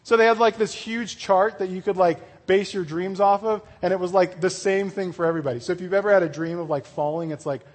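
A man's voice: high-pitched, fairly even intonation, fairly quick, few pauses. A man, a youth pastor, giving a casual sermon with scripture reading. He talks in a laid-back, conversational way and retells stories in slangy voices.

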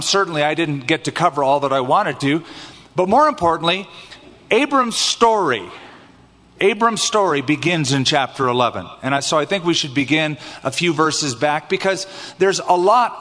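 A man leading a Bible study in an earnest, explaining manner, reading verses and pausing to clarify. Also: a little high, fairly bright tone, long reverb tail.

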